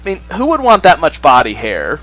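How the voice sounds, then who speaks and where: A man's voice: on the high side, soft background music, low-quality recording. A man streaming a dating game, joking around and reading game text aloud in a casual way. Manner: jokey and animated, with quick asides and laughter.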